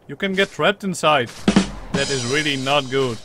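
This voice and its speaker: A young man hosting a let's play, talking excitedly over his gameplay with strings of repeated words, bursts of laughter, and playful lines as the mother creature he controls. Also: mid-range voice, normal speed, soft background music. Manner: playfully role-plays as the mother creature in the game. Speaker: gaming channel host.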